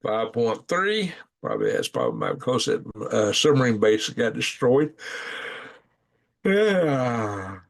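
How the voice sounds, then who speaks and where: Man, gravelly, lowish voice, folksy rambling live-stream host. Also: huge pitch swings, moderate pace, few pauses. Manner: rambling, folksy, thinks aloud while clicking through maps. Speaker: channel host. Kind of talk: casual live-stream commentary. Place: home at night.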